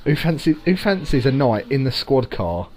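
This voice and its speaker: A man co-hosting a podcast, telling a story in casual chat with a halting, joking delivery. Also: medium pitch, very animated, noisy background. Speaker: podcast co-host.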